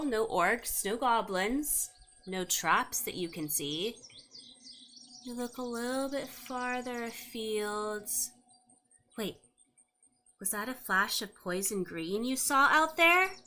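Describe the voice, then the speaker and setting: A woman's voice: medium pitch, pushed and bright, slight background noise. A woman narrating a tabletop game as game master, with wry asides to the players.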